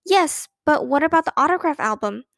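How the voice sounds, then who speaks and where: A woman's voice: sits high, animated, a little fast, gravelly, a bit bright, dry recording, studio quality, voice pushed up, full character voice. A woman voicing an earnest young girl who asks eager questions in a storybook reading.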